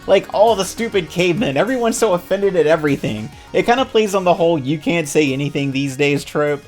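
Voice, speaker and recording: A woman's voice: lowish voice, expressive, fairly quick, darkish tone, soft background music. A woman commentator ranting about commercials in a casual, sarcastic, exasperated way. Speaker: video commentator.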